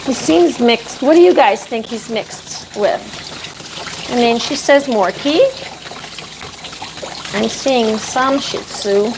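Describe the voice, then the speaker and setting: Chatty woman groomer, higher voice. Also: slow pace, long pauses, noisy background. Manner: chatty, talks to the dog and viewers while working. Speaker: dog groomer. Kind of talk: casual live-stream chat while grooming. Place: grooming room with a bath.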